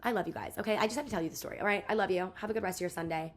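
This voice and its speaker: A woman's voice: medium pitch, very fast, slight background noise. A young woman in her twenties telling a rambling storytime vlog, venting and exasperated, full of "like" and acted-out quotes. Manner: rambling, heavy use of "like", quoting others. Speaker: vlogger.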